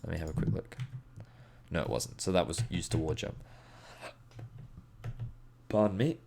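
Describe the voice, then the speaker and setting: A man giving an animated, emphatic game review commentary as an esports analyst, with playful asides. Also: deep voice, normal speed, gravelly, noisy background.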